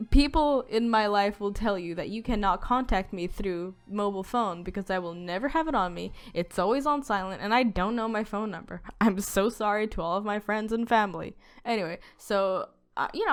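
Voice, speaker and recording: A woman's voice: mid-range voice, clear, resonant tone. Rambling woman telling a storytime vlog. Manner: rambling, filler-heavy, swearing. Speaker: storytime youtuber.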